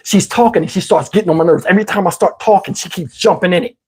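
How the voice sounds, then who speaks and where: A man telling a story in a casual, animated way, swearing freely and acting out what people said. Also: high-pitched, fast talker, slightly rough. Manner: animated, profane, acts out quotes. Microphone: wireless lapel mic.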